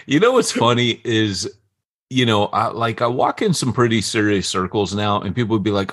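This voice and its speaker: Low-voiced man joking on a podcast. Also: lively intonation, moderate pace, fairly bright tone, dry recording, clean studio sound. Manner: joking, laughs often. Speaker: podcast co-host. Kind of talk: casual chat.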